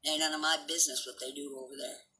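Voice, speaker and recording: A woman's voice: sits low, steady tone, fast, pushed and bright, rough recording. Blunt, profane older woman ranting. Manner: coos baby talk at her dog. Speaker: live-stream host. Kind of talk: casual live-stream rant.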